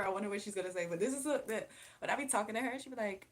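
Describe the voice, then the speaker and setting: A woman's voice: mid-range voice, very fast. A young adult woman hosting a casual livestream, reading viewer comments and chatting in a rambling, laughing way. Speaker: livestream host.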